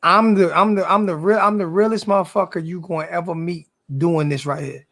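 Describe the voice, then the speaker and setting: A man's voice: high-pitched, fairly even intonation, brisk, vocal fry, a bit bright. A man who is a sports YouTuber, ranting back at his live chat. He is confrontational, repeats himself, and swears in heavy slang. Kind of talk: live-stream rant to chat.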